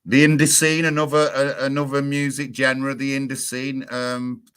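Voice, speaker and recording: A man's voice: mid-range voice, monotone, normal speed, a bit bright, clear, resonant tone. A man chatting casually and agreeably, often restarting his sentences. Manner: agreeable, hesitant with fillers and restarts. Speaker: guest. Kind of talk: casual chat.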